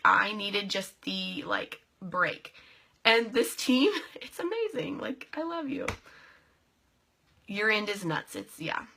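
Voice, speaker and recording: Greeting her viewers by name, the goofy, bubbly young vlogger runs a casual live video chat alongside her role leading a direct sales team. She has a slightly high voice with a bright, forceful tone.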